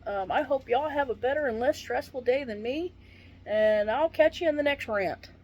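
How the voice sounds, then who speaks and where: A woman who is a retired paramedic, in pain and venting to camera with swearing and dark jokes. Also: high voice, moderate pace, muffled recording. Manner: swearing, exasperated, darkly joking.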